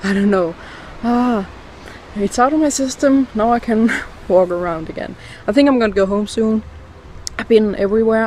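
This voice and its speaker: Brief: indignant, foul-mouthed woman vlogger, mid-pitched voice, faint traffic hum outdoors, phone at arm's length. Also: darkish tone. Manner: indignant, heavy swearing, ranting. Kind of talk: casual vlog rant. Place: outdoors in a cemetery. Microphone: phone held at arm's length.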